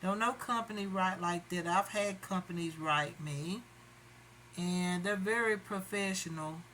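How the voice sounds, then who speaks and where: Doing her makeup on camera, a woman keeps up a chatty tutorial and addresses viewers as "y'all." Her voice is lowish and a bit bright at a measured pace, but the audio is poor, with some hiss or hum.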